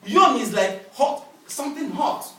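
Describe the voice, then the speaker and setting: A male pastor preaching a sermon with lively call-and-response, recorded in a church hall from a distance. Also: extremely high pitch, a little slow. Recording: echoey hall, distant mic, faint noise.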